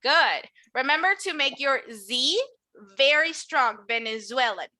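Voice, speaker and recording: A woman's voice: high-pitched, slow, bright, forceful tone. A woman teaching an English class, modeling words for the students to repeat and encouraging them. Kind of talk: classroom lesson.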